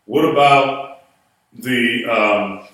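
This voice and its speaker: A man's voice: mid-range voice, drawn-out words, a bit bright. A man teaching a Hebrew class, patiently spelling words out letter by letter. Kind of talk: classroom lesson. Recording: echoey room from far off.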